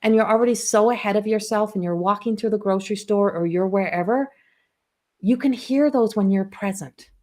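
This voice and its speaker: A woman's voice: medium pitch, fairly quick, darkish tone. A woman spiritual coach giving a casual live-stream talk, telling personal stories in a rambling way with frequent restarts.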